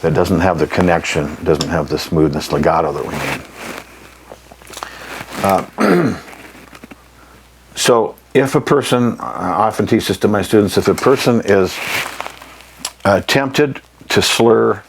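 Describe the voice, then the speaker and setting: A man teaching saxophone articulation, explaining in an unhurried way, often clearing his throat and pausing with ums. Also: low-pitched, lively intonation, a little hiss or hum. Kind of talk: instructional lesson.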